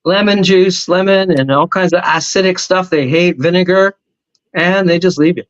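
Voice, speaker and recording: Male guest, high-pitched, animated and rambling storyteller, muffled lo-fi audio. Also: moderate pace. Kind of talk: casual storytelling on a talk show.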